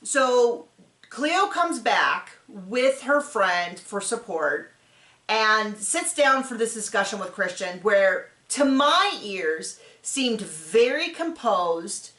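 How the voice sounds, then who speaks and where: A woman's voice: on the high side, slow, echoey room. A woman hosting a casual reality show recap, talking animatedly and acting out what the people on the show said. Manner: animated, acts out quotes in voices. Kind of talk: casual commentary.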